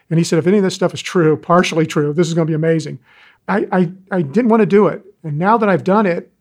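A man in his sixties, an animal rescuer telling stories in an interview, animated and folksy. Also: on the high side. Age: 60s. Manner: animated, folksy storyteller, acts out quoted callers. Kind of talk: interview talk, storytelling.

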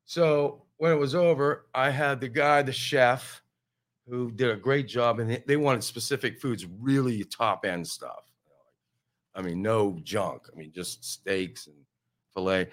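A middle-aged man telling road stories in casual chat, animated and blunt, swearing and acting out what others said. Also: medium pitch, unhurried. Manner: animated, acts out quoted voices, swears.

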